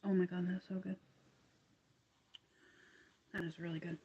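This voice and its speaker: A woman's voice: fairly low pitch, level tone, normal speed, pauses often, dark tone, husky, muffled recording. A young woman with an upstate New York accent, chatting casually and rambling while she crochets on a livestream. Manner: rambling, chatty, laughs often, many fillers.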